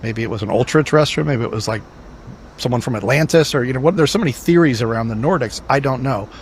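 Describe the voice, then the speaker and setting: A man's voice: medium pitch, quick pace, slight background noise. A man in a casual podcast conversation, musing and hedging as he talks.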